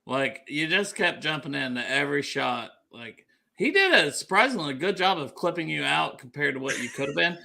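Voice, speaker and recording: Man, sports podcast co-host, profane trash talk, high bright voice. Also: expressive, normal speed, gravelly. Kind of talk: casual sports chat.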